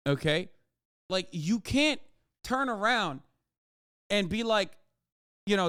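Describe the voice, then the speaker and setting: A man's voice: high-pitched, a little slow, pauses often, no room sound, clean studio sound. Sarcastic, profane male streamer ranting. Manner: animated, with frequent restarts and emphatic asides. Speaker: livestreamer. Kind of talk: casual livestream rant to chat.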